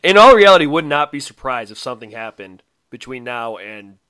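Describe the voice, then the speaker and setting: A man's voice: medium pitch, sing-song, brisk, bright, forceful tone, clear, resonant tone, dry recording. A man co-hosting a podcast in casual chat, laughing often and quoting others. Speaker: podcast co-host.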